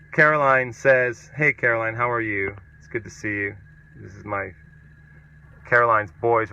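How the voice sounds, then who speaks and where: A man's voice: mid-range voice, bright, forceful tone. A man who hosts a tennis coaching show, talking casually and emphatically and reading out viewer comments. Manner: emphatic, repeats a punchy catchphrase. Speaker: tennis coach and podcast host. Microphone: mobile setup. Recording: dull lo-fi mobile stream.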